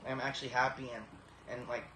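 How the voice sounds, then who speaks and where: Man, 30s, emotional testimony, halting and earnest, near tears, flat delivery; echoey room, faint hiss. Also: medium pitch. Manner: halting, many repeated starts, earnest. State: tearful, emotional. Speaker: vlogger.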